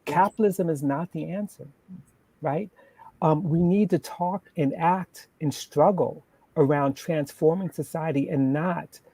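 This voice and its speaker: A man's voice: fairly high pitch, measured pace, warm tone, husky, no room sound. A man speaking as a panel guest in a passionate political discussion, emphatic, stacking points into lists and restarting words as he goes. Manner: emphatic, builds lists, repeats words when starting.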